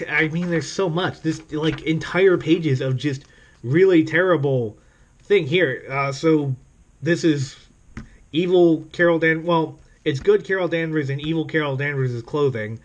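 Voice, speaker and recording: A man's voice: a little high, measured pace. A man reviews a comic in loose, casual commentary. He rambles and trails off, with many fillers. His remarks are dry and sarcastic, and he laughs often.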